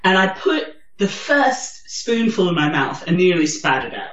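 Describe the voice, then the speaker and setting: A woman with a posh English accent, co-hosting a podcast in casual chat, animated and swearing freely. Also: fairly low pitch, a little slow, reverberant, muffled recording. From Germany. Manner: animated, swears and laughs often. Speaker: podcast co-host.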